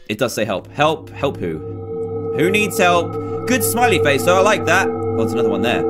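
A man hosting a game video, giving nervous, jumpy horror game commentary and talking to himself as he plays. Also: on the high side. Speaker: gaming video host.

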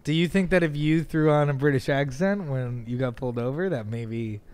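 A man's voice: medium pitch, normal speed, darkish tone, smooth. A man co-hosting a casual podcast chat, asking the guest questions in an easygoing way. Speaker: podcast co-host.

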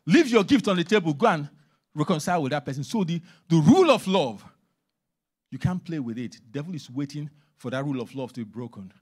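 A male minister preaching a sermon in church, emphatic, swinging between loud stresses and hushed asides. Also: on the high side, animated, fairly quick, breathy edge.

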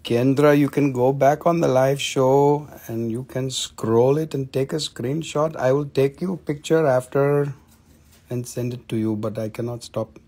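A man's voice: mid-range voice, fairly even intonation, a little slow, dark tone. Goofy, clowning male rock seller. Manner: playful, goofy, clowning salesman banter. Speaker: live-stream rock and mineral seller. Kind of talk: joking live sales chat.

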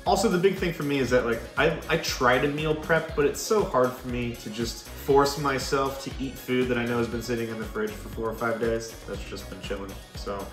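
A man's voice: mid-range voice, steady tone, brisk, few pauses, fairly bright tone, echoey room, faint music behind. A man reading a sponsor segment in a joking, self-mocking way. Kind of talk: sponsor read.

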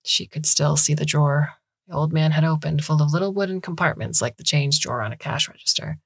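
A woman narrating a short story in a measured, even way. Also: low-pitched, vocal fry, husky, dry recording. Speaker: story reader. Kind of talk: scripted narration.

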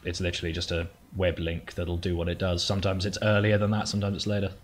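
A man co-hosting a gaming stream, arguing his point with quick comebacks. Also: deep voice, monotone, slight background noise. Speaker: co-host of a gaming livestream. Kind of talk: casual chat, arguing a point.

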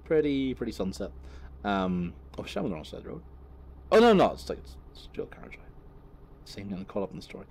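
Young guy driving and rambling a filthy story, swears a ton, lowish voice, faint car noise. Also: very animated, fast talker, darkish tone. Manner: profane, rambling, laughing. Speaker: vlogger. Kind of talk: rambling anecdote while driving.

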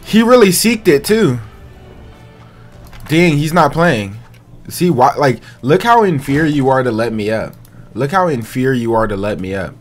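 Trash-talking young man gaming. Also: medium pitch. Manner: trash-talking, taunting, repetitive. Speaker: gaming streamer. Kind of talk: casual gameplay commentary.

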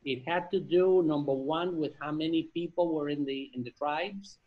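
Husky man reading scripture aloud. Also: on the high side, narrow, tinny audio. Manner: reads slowly, stumbles over names, adds jokey asides. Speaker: Torah study participant reading scripture. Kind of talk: reading aloud and group discussion.

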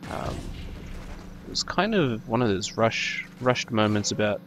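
A man's voice: on the low side, animated, a little slow, a bit bright, a little hiss or hum. A man of twenty-two from New Zealand with an Australian accent, rambling hesitantly about himself with many ums and restarts while he plays a game. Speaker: gaming YouTuber. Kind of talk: rambling talk over gameplay.

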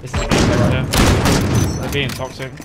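A man's voice: medium pitch, completely flat delivery, a little slow, heavy background noise. A man streaming a shooter game, talking casually with cocky, teasing banter and a lot of swearing. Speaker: gaming streamer. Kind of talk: profane casual game commentary. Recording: loud gunfire over the voice. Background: game gunfire.

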